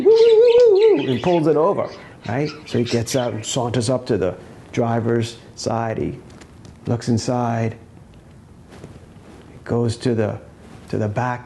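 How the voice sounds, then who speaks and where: A man's voice: medium pitch, vocal fry, darkish tone, slight background noise. Chatty man telling a joke. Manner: chatty, repeats "okay?". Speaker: comedy show host. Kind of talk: casual joke-telling to a pet bird.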